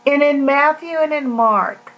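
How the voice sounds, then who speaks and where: A woman giving a casual, earnest devotional talk, telling stories in a rambling, heartfelt way. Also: high-pitched. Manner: slow, earnest, rambling storytelling. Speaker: Christian video host. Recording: dull lo-fi home recording.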